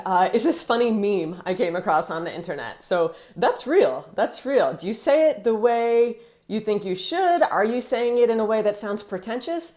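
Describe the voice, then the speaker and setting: An American woman living in France, talking casually to camera and acting out quotes in a chatty, animated way. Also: mid-range voice. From United States.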